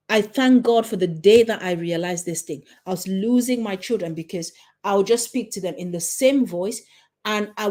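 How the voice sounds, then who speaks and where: Emphatic woman with a mellow voice. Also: mid-range voice. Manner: emphatic, repeats phrases, asks the listener questions; checks in with "okay?". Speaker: parenting coach. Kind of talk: motivational talk to parents.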